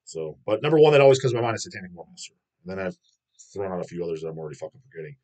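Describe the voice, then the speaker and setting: A man's voice: sits low, big pitch swings, rapid-fire, a little mellow. A man hosting a metal video channel, ranting in a rambling, profane and scornful way. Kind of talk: casual ranting vlog.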